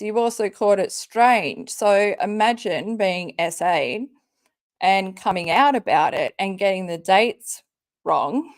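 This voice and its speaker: A woman hosting a live commentary stream, reading out tweets and ranting back at them with angry, sweary sarcasm. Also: medium pitch. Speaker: commentary channel host.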